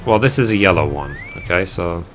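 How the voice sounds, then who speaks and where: A man's voice: low-pitched, expressive, fairly quick, faint music behind. A man making a game guide, casually thinking aloud and reading quest text as he plays. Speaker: gaming guide creator. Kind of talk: game walkthrough commentary.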